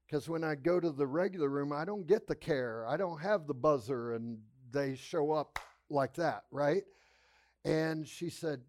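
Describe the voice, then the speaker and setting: A middle-aged male pastor telling a testimony in a sermon, animated, moving between loud laughing bursts and hushed retellings. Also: a little high, measured pace.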